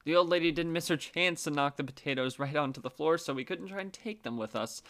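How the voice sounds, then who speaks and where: A man's voice: fairly high pitch, fast, fairly bright tone. A man narrating a story casually, with wry, swearing asides.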